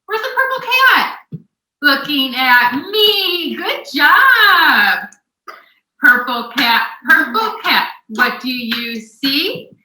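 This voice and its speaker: A woman's voice: sits high, big pitch swings, very slow, bright, forceful tone, far from the mic. A woman reading a picture book aloud to a young child in a sing-song, encouraging way, playfully making animal sounds. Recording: echoey room, voice off-mic.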